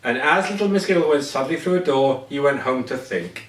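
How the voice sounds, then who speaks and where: A man's voice: medium pitch, animated, brisk, far from the mic. A man reading a children's picture book aloud, sometimes stumbling over words and correcting himself. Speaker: reader. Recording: echoey room, voice away from mic.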